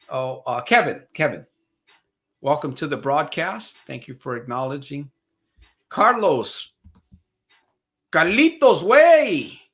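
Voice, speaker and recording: Animated man coaching a live stream audience. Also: a little high. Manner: preachy, repeats phrases for emphasis; addresses listeners as friends, reads out viewer comments. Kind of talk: live motivational broadcast talk. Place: home studio with green screen.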